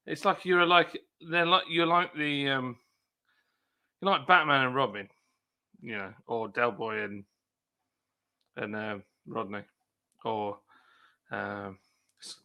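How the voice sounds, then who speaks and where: Brief: male streamer, animated delivery, bright forward tone, chatty and jokey. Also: mid-range voice. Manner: lively, chatty, reads chat aloud and jokes. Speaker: livestream host. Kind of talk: casual chat with live chat readers.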